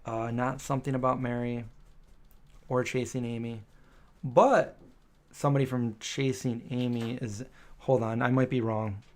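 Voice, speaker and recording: A man's voice: medium pitch, steady tone, unhurried. A man hosting a live stream, chatting casually with viewers and correcting himself as he goes with plenty of ums. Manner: chatty, rambling, lots of um and self-correction.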